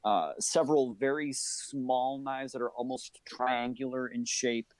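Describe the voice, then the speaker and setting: A man narrating a tabletop game as game master, describing scenes in detail with many filler pauses. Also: medium pitch, fairly even intonation, dry recording.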